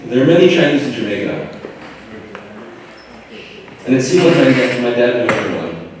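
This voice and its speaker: A young man giving an informal, halting eulogy for his father from notes, with light humor. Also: mid-range voice, sing-song, background noise. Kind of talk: memorial speech from notes. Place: large hall at a memorial gathering. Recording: echoey hall, distant mic.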